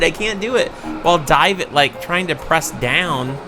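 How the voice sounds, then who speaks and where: Lively man voicing frustrated game commentary. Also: on the high side, measured pace, over music. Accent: Southern US. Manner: frustrated, talks to viewers, loud outbursts. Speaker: let's play host. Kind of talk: gameplay commentary.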